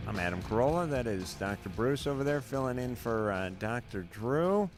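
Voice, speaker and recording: A man hosting a late-night call-in radio show, talking in a rambling, halting way full of fillers and restarts. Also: medium pitch, animated, soft background music.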